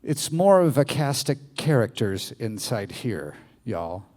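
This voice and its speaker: A man's voice: mid-range voice, slow pace. Playful man speaking on a live stage. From American South. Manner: playful, animated, audience-addressing. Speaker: public speaker. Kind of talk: live motivational talk. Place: live bar venue with audience. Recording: venue reverb from live stage.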